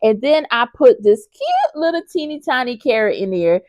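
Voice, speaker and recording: A woman with a fairly high voice chats casually through a crochet review, enthusiastic and addressing her viewers directly. The sound is close and dry. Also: sing-song, normal speed, a little mellow, dry recording, lo-fi sound. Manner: chatty and enthusiastic, talks straight to viewers as y'all. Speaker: crochet vlogger.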